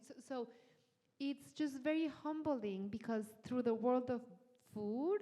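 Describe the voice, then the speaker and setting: Mexican-accented woman chatting in a reverberant hall. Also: a little high. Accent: Mexican Spanish. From Mexico City. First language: Spanish. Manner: animated, quick restarts and repeated phrases. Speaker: chef and TV host as guest. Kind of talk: onstage conversation. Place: large hall with an audience.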